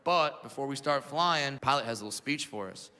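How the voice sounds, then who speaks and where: A man's voice: mid-range voice, expressive, fairly quick. A man in his thirties performing a brash stand-up comedy set on stage, acting out the voices in his stories. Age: 30s. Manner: brash storytelling, acts out voices. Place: comedy stage before a live audience. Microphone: handheld stage mic. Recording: reverberant venue with loud crowd noise.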